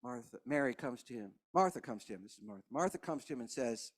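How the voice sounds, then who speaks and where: A man, preaching a sermon as pastor, impassioned, with hushed passages and rising emphasis. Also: mid-range voice, animated, fast talker, hardly any pauses. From Kentucky.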